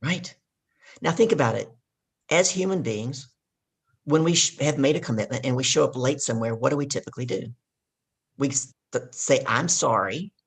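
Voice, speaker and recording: A woman's voice: rumbling low, normal speed, pauses often, breathy edge. A woman guest and leadership coach in an interview, telling stories with emphatic, teaching delivery. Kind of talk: casual interview talk.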